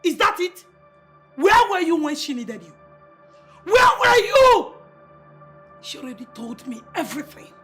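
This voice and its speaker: A high-voiced reproachful mother. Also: big pitch swings, a little fast, over loud music. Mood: accusing. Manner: accusing, reproachful. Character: distraught mother confronting her husband.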